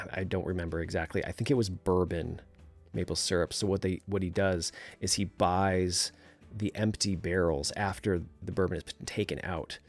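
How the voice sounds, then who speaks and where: A man's voice: low voice, vocal fry. A man with a New England accent hosting a casual livestream, reading viewer comments aloud and chatting easily, with frequent laughs and fillers. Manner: relaxed, chatty, laughs often, many fillers. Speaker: livestream host.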